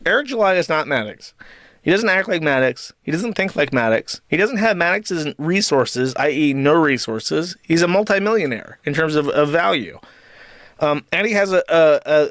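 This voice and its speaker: A young man doing live stream commentary, talking in a profane, rambling way with quick asides. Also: fairly high pitch, a bit bright, no echo, clean studio sound.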